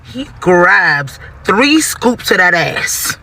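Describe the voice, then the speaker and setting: A woman's voice: fairly low pitch, sing-song, extremely slow, bright, forceful tone. A young woman telling a dating story vlog-style, outspoken and laughing, swearing freely and getting worked up. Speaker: storyteller vlogger.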